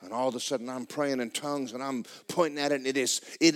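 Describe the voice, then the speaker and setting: A man preaching a sermon, swinging from loud, excited storytelling to low, hushed tones. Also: quick pace, few pauses. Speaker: pastor. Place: church sanctuary.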